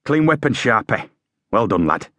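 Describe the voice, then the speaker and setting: A man voicing a scarred, zealous old army sergeant who barks orders in a gruff voice. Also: lowish voice, very animated, normal speed, a bit bright, no room sound, pitched above the performer's own voice. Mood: barking. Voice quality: gruff, barking. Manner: bellows drill orders, fervent.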